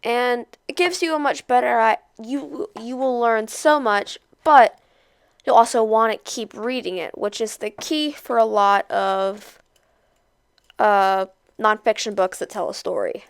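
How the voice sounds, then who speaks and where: A young woman casually introducing, then reading a novel aloud with expressive character voices. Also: a little high, a little slow, clean tone, no echo. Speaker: read-aloud host.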